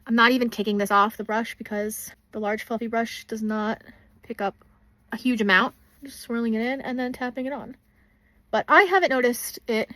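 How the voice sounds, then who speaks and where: A woman's voice: fairly high pitch, fairly bright tone, no room sound. A young woman chatting casually as she swatches makeup in a vlog, gushing over products. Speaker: beauty vlogger.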